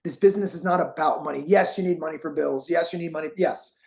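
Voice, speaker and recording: A man's voice: a little high, fast talker, vocal fry, a little mellow. A man hosting an interview, talking in a heartfelt, encouraging way and getting emotional. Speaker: host and course creator.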